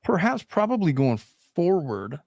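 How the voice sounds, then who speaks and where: A man in his thirties hosting a casual podcast discussion, animated, swearing freely and laughing between points. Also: fairly high pitch, measured pace, gravelly, no echo, studio quality. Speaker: host.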